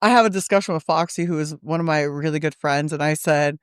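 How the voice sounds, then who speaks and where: A woman's voice: low voice, fast, clear, resonant tone, no echo, studio quality. A woman guest on a podcast, telling stories animatedly and swearing freely, acting out what people said. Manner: animated, acts out quotes in shifting voices, swears freely. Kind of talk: casual storytelling chat. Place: podcast studio.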